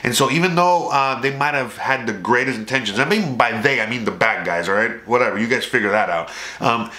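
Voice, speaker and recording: A man's voice: medium pitch, animated, fairly quick, bright, forceful tone. A man from South Florida, a vlogger, ranting casually to camera in a rambling, profane way and often restarting his sentences. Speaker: YouTube vlogger. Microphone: camera mic. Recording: roomy echo.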